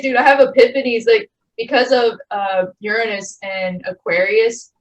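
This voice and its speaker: A young woman in her twenties hosting a podcast in casual chat, animated and quick to get excited, swearing casually. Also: on the high side, low-quality recording. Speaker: podcast host.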